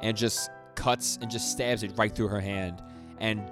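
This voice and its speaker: A man's voice: fairly low pitch, fairly even intonation, a little slow. Rambling young man recapping over music. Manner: rambling, frequent restarts and stammers, acts out quoted lines. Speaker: podcast co-host. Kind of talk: casual chat recapping a manga. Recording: music playing underneath.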